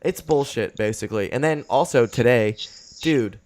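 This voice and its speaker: A man's voice: mid-range voice, normal speed, a little mellow. A young man hosting a podcast, telling a road-rage story in casual chat, swearing often and getting worked up. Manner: profane, fired-up storytelling. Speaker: podcast host.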